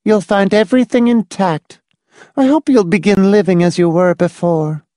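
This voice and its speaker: A woman voicing a prim, controlling schoolteacher type, speaking in a dry, dispassionate, calmly insistent tone. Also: mid-range voice, normal speed, dry recording, lightly acted. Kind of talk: audiobook dialogue reading.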